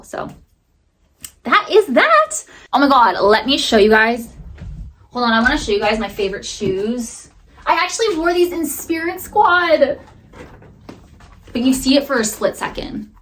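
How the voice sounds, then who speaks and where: A young woman vlogger telling a story to camera in a bubbly, chatty way, full of fillers. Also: medium pitch. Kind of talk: casual chat to camera.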